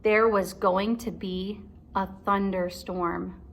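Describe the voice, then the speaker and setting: A woman teacher reading a chapter book aloud to kindergarten children, pausing to ask encouraging questions. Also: mid-range voice, steady tone, gravelly. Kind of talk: read-aloud for young children.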